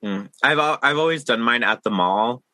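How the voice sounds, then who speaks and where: Bright, dry-voiced man hosting a podcast. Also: medium pitch, lively intonation, moderate pace, dry recording. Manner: rambling, many fillers, playful teasing. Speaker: podcast host. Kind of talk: casual podcast chat.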